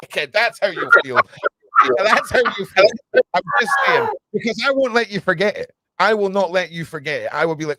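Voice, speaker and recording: A man hosting a casual livestream chat, rambling and joking excitedly. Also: high-pitched, normal speed, no echo. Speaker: podcast host.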